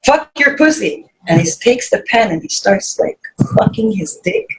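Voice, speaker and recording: A woman guest on a casual podcast, telling a story in an animated way and swearing freely, her voice jumping high when she quotes people. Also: normal speed, poor audio.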